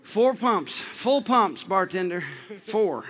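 A man's voice: high-pitched, expressive, takes it slowly, fairly bright tone. A man preaching a sermon in a playful, joking way, laughing often and calling on the congregation to repeat after him. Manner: emphatic call-and-response delivery.

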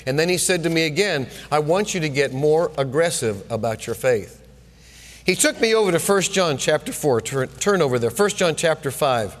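Male pastor in a reverberant hall. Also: on the high side. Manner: personal storytelling with frequent restarts. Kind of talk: sermon.

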